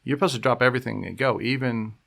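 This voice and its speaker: Male pastor, casual talk, rambling, gravelly and bright. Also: medium pitch, fast. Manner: rambling, full of restarts, acts out quotes. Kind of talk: casual conversational podcast talk.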